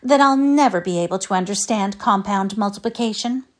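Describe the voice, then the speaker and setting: A woman's voice: medium pitch, brisk, voice pushed up, natural voice. A woman voicing a gloomy young schoolgirl who sighs plaintively over her sums in a readers' theatre story. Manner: plaintive, sighing.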